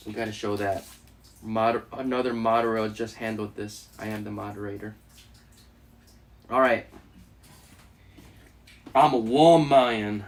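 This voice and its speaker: A man's voice: on the low side, flat delivery, moderate pace, pauses often, fairly bright tone, slight background noise. A man hosting a casual live stream while eating, joking and laughing often with his chat.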